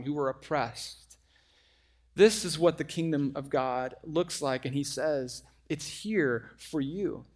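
A middle-aged man preaching a sermon, conversational and animated, with frequent asides to the congregation. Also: a little high. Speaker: pastor.

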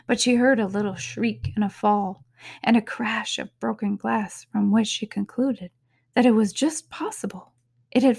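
A woman reading a storybook aloud in an unhurried, soft-spoken way, sometimes dropping to a whisper. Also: mid-range voice, vocal fry, slightly rough, no echo, clean studio sound. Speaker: podcast reader.

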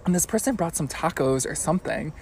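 A man telling stories in a casual podcast chat, animated and teasing, with a lively delivery. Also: fairly high pitch, fast, husky, rough recording. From United States. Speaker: podcast guest.

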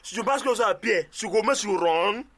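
A young man co-hosting a casual podcast in Nigerian Pidgin English, teasing and skeptical in quick banter. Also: high-pitched, animated, a crowd in the background. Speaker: podcast co-host. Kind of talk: casual chat.

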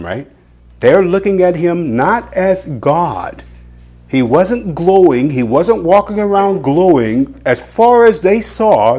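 A male Bible teacher who reads scripture slowly and then explains it in a conversational, digressive way. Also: mid-range voice, darkish tone, husky.

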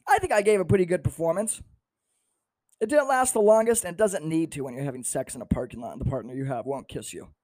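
Young male podcast host, crude comic storyteller, slightly high voice, dry close sound. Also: animated, quick pace, darkish tone, no echo. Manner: self-deprecating, crude storytelling. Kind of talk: casual comedic storytelling.

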